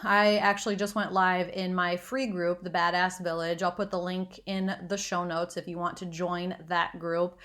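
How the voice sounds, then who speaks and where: A woman's voice: lowish voice, flat delivery, normal speed, few pauses, fairly bright tone. Woman podcast host, thirties, from the Midwest, candid, self-deprecating, casual swearing, solo monologue. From Northwest Iowa, USA. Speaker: podcast host and confidence coach.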